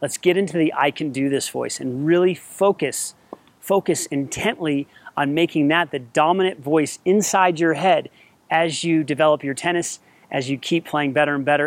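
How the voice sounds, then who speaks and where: A man's voice: on the high side, no room sound. A man, a tennis mental performance coach, giving an earnest, encouraging lesson and repeating himself for emphasis. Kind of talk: talking-head coaching lesson.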